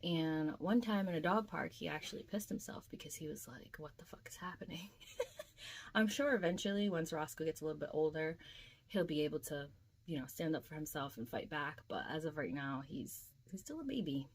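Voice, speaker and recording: A young woman with a slightly low voice recounts her dream in a casual vlog. She talks in a chatty, emotional way and fills her speech with filler words. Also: lively intonation, a little fast. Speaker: vlogger.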